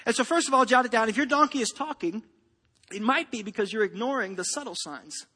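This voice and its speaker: A man's voice: extremely high pitch, brisk, sharp tone, in a large hall. A man preaching a sermon, telling a joke and a story with playful acted-out voices. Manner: joking storyteller, acts out voices. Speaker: pastor.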